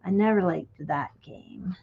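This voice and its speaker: Slow-talking chatty woman, lo-fi stream. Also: lowish voice, creaky, breathy edge. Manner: chatty and reminiscing, trails off while working. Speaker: crafting livestream host. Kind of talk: casual chat while crafting. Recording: dull lo-fi stream audio.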